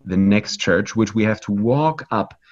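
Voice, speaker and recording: Male tour guide with a low register and a casual, filler-heavy delivery. Lo-fi streamed sound. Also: measured pace. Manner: lively and conversational, with frequent fillers, restarts and "right?" tags. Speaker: virtual pilgrimage tour guide. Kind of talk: live online guided art tour.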